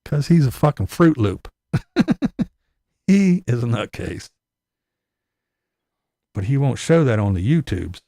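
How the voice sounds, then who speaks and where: A man's voice: medium pitch, very animated, slow, creaky, long pauses, dark tone, no room sound. A man hosting a livestream, ranting in profane, mocking commentary and laughing often. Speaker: livestream host.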